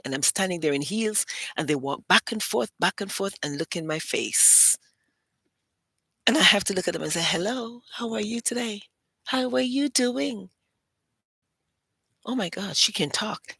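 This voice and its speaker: A British woman hosting a show, telling stories in a casual, animated way and acting out what other people said. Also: deep voice, no room sound. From Britain. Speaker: host. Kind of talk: casual storytelling monologue.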